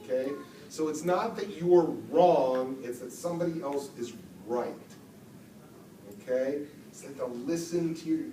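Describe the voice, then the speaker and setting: Animated man telling stories in an echoey hall. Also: medium pitch, normal speed. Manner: animated storyteller, acts out quotes. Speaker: voice actor at convention Q&A. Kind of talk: storytelling convention panel answer. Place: convention hall from afar. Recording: echoey hall, distant mic, background noise.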